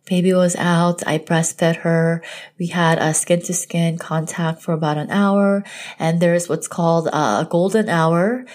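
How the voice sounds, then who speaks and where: Casting: young adult woman with a low voice, heartfelt personal storytelling, casual filler words. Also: fairly even intonation, measured pace, darkish tone. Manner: emotional, earnest, many "like" fillers. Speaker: podcast host telling her birth story.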